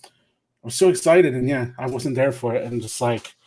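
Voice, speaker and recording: A man's voice: medium pitch, moderate pace, dark tone. A man reminiscing in rambling casual chat as a podcast guest.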